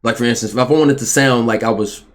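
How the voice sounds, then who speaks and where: A man's voice: medium pitch, quick pace. A man in casual podcast chat, rambling and searching for his words as he asks questions. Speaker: podcast host.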